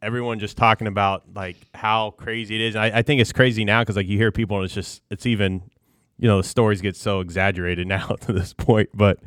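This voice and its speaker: Low-voiced host asking rambling questions. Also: male voice, steady tone, a little fast, a bit bright, clean tone, no echo, studio quality. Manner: rambling questions full of fillers. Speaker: podcast host. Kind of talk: casual interview.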